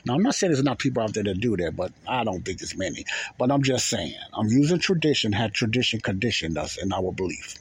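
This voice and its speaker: A man's voice: lowish voice, expressive, fast talker, slightly rough. A man hosting a podcast, talking in a casual, rambling monologue that repeats phrases in plain, folksy speech. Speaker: podcast host.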